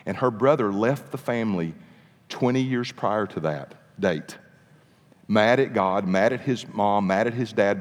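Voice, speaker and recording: A man preaching, telling a story with animated, dramatic pacing in a sermon. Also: on the low side. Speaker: pastor. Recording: long reverb of a large hall.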